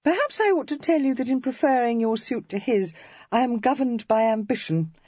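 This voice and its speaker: A playful young Regency lady with a quick, teasing wit, voiced by an audiobook narrator. She sits well above the narrator's own pitch, swinging her tone about freely. The sound is slightly husky, dull and dry, close to the mic. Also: lively intonation, no echo. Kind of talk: audiobook character reading.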